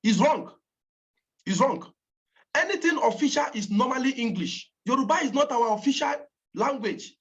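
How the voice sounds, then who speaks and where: A woman's voice: high voice, lively intonation, moderate pace. A woman with a Nigerian accent giving a motivational training talk to campaign callers, emphatic and repeating her points for stress. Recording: dull lo-fi recording.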